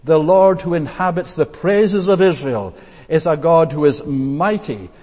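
A man preaches a sermon with an earnest, emphatic delivery and leans on repeated phrases. His voice sits a little higher than most men's. The sound carries a long reverb, as if recorded in a church hall. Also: unhurried, a little mellow.

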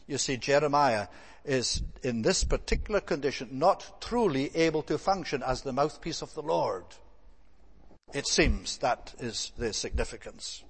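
A man preaching an expository sermon, reading scripture aloud in old-fashioned wording and then explaining it plainly. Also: on the high side. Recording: long reverb of a large hall.

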